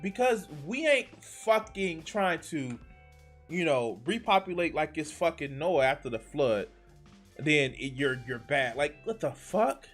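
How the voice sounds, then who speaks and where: A man's voice: on the high side, animated, measured pace, soft background music. A man streaming live, reacting to a speech with profane, exasperated and sarcastic commentary that often trails off and restarts mid-sentence.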